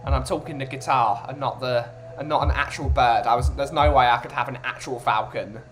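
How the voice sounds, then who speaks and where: A man's voice: medium pitch, steady tone, fairly quick, fairly bright tone. A man from the UK chatting casually as a podcast host, rambling and restarting his sentences. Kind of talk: casual chat. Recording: roomy with music behind.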